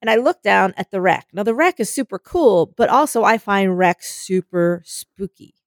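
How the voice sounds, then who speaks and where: Woman, young adult, animated storytelling, mimics voices, dry recording. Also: medium pitch, moderate pace, no echo. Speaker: co-host. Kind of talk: casual storytelling chat.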